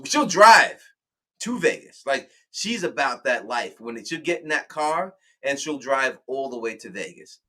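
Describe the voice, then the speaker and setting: A man hosting a casual chat, telling stories with lots of laughter and acting out voices. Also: mid-range voice. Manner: animated storytelling, laughing often, acting out voices. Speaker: channel host.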